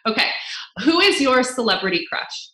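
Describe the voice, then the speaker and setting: A woman author as a guest in a casual interview, upbeat and quick to giggle. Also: high-pitched, big pitch swings, pushed and bright, echoey room, poor audio.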